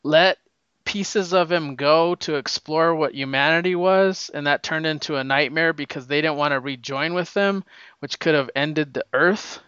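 A man recapping a comic issue in a casual, excited, rambling way, with lots of fillers. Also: a little high, normal speed, clean tone, no echo, lo-fi sound. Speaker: comic book reviewer.

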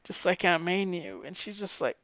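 A man's voice: high-pitched, lively intonation, moderate pace, bright, forceful tone, dry recording. A man casually recapping a comic book, getting emotional and choking up as he talks. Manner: emotional, chokes up while recounting. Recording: dull lo-fi recording.

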